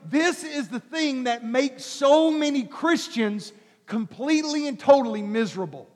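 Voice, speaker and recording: High-voiced man preaching in a reverberant hall. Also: measured pace. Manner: animated preaching, acts out quoted voices with shouts and soft coaxing. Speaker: pastor. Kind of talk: sermon.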